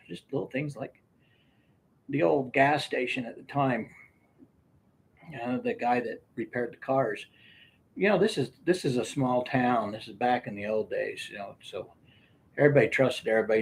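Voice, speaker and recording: An older man telling rambling casual stories from his youth, often breaking into laughter. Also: medium pitch. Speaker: storyteller. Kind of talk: casual storytelling.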